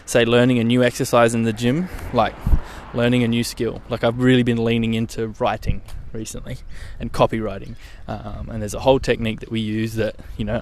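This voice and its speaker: A man's voice: medium pitch, slight background noise. A young man hosting his own podcast, chatting casually in a rambling way and swearing now and then. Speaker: podcast host. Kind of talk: casual solo podcast chat.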